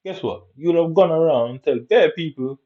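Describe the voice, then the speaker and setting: A man's voice: a little high, brisk. A man, talking in a casual, rambling and repetitive monologue full of street slang and swearing. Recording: dull lo-fi recording.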